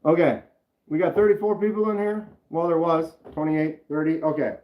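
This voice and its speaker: Rambling casually on a live stream, a man who runs a knife channel says hello to chat viewers by name. He speaks at a moderate pace in a slightly high voice, and the sound is roomy and a bit dull.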